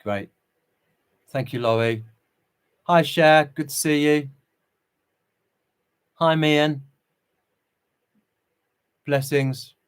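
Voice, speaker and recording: Man, livestream host, impassioned, chuckling, slightly high voice. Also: very slow, pauses often, clean tone. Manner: impassioned, preachy, chuckles between remarks. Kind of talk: casual livestream commentary reading chat.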